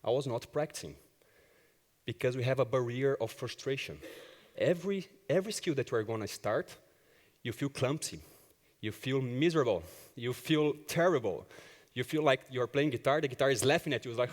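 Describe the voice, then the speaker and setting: A man's voice: mid-range voice, a little fast. Man, agile coach, conference talk, acts out dialogue, long hall reverb. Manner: animated storyteller who acts out dialogue. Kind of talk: conference talk with personal anecdotes.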